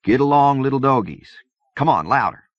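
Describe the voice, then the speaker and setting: A man's voice: deep voice, lively intonation, moderate pace, vocal fry, breathy edge, dry recording, full character voice. A man voicing an urgent, protective young man. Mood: pleading. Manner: pleading, insistent. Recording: dull dry cassette-era recording.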